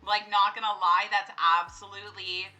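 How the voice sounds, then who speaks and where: A young woman with a bright, forceful voice gives casual gameplay commentary. She chats with the characters on screen as if they could hear her and sometimes bursts into startled, laughing screams. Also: medium pitch, little pitch movement, moderate pace, highs cut off, faint music behind. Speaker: gameplay streamer. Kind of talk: casual let's-play commentary.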